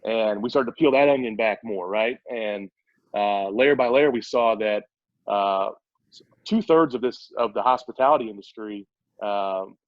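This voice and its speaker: A man's voice: lowish voice, unhurried, dry recording. A man speaking as a startup CEO guest in a casual interview, eager and explaining at length with frequent restarts. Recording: dull, dry lo-fi audio.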